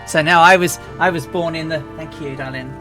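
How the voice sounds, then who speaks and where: A man's voice: a little high, fairly even intonation, a little fast, pushed and bright, soft background music. A man from England, chatting casually as a livestream host, rambling with lots of fillers and restarts. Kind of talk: casual chat.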